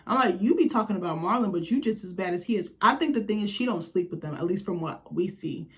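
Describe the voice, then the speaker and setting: A woman chats her way through a reality TV recap in a blunt, gossipy voice. She swears freely and laughs often, and her pitch leaps up when something amuses her. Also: expressive, fast talker. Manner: blunt, profane, gossipy commentary with quoted reactions. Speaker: recap host.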